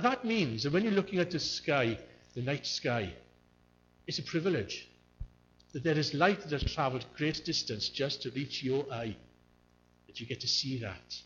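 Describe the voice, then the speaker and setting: A man's voice: mid-range voice, slight background noise. A man preaching a sermon in an earnest way, repeating key words to stress them. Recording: muffled lo-fi recording.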